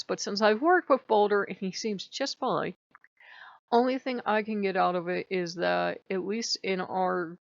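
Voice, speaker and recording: A woman with a low voice and a stuffy nose, chatting in a rambling way in a casual spiritual vlog. Her voice is gravelly with fry. The recording is dry and dull, like lo-fi. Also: no room sound. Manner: rambling, chatty, quotes others in little voices. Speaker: pagan devotional vlogger.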